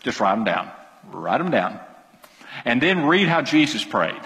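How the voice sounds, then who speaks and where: A man's voice: mid-range voice, very animated, measured pace, vocal fry, a bit bright. A man preaching a sermon in a church, talking conversationally, quizzing the congregation and repeating his phrases. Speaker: pastor. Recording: long hall reverb.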